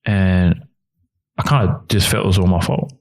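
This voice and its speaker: A man's voice: sits low, moderate pace, creaky, a little mellow. A man, a guest telling a candid, emotional personal story in an interview. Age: 30s. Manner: earnest, emotional, quotes others in his stories. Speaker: youth worker and guest.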